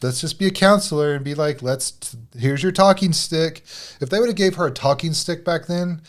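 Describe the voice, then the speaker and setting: A man's voice: fairly high pitch, fairly quick. A man marriage coach in a casual podcast chat, rambling with lots of filler words.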